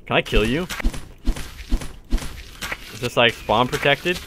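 A man giving casual let's-play commentary, excitable, cursing often and yelping in surprise. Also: mid-range voice, takes it slowly, long pauses, noisy background. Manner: excitable, swears often, yelps and shouts in surprise. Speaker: gaming video host.

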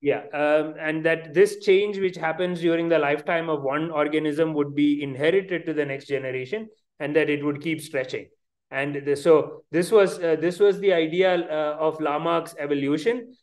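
A man's voice: on the high side, normal speed. A man with an Indian English accent giving an online science lecture over a video call, hesitant, with many fillers and restarts.

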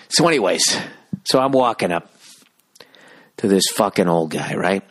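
A man in his forties hosting a podcast, telling a profane comic story fast and acting out both sides. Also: deep voice, lively intonation, a bit bright, dry recording, clean studio sound. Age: 40s. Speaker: podcast host.

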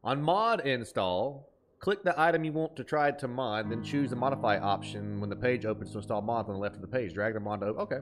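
A man's voice: mid-range voice, a little fast, music in the background. A man with an Appalachian twang, chatting casually while streaming a game, reading chat aloud and laughing easily.

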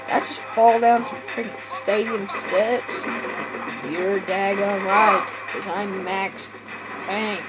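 A woman doing goofy, excitable gaming commentary on a headset, joking and laughing at herself. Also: mid-range voice, slow, loud music behind the voice, low-quality recording. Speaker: let's play gamer. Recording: game noise over the voice.

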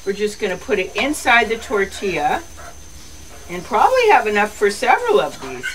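A woman's voice: medium pitch, big pitch swings, moderate pace, slight background noise, poor audio. A woman hosting a casual cooking and garden show outdoors, chatty and folksy, chatting to her animals as she goes. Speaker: host of a lifestyle show.

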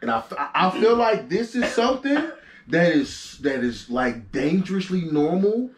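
A man's voice: on the high side, sing-song, normal speed. A young man hosting a podcast, telling stories animatedly with lots of profanity and stammered restarts. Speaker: podcast host. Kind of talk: casual chat. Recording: echoey room.

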